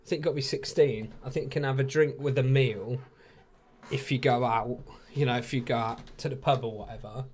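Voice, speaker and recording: Here an Englishman in his late twenties keeps a steady tone and a brisk pace, his medium-pitched voice a little mellow. He hosts a casual live watch-along, chatting easily with viewers in his English accent and laughing often.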